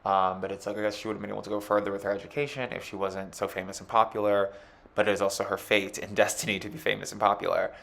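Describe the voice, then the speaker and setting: Casual male astrologer, slightly low, fry-heavy voice, rambling filler-laden delivery. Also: little pitch movement, fast, a bit bright. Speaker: astrology chart reader. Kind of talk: casual astrology chart reading.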